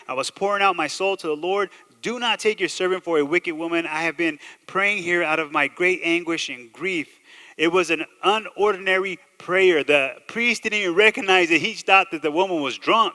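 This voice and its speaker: Preaching pastor in a reverberant hall. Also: male voice, fairly high pitch. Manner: preaching with rising emphasis and quiet asides. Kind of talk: sermon. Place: church sanctuary.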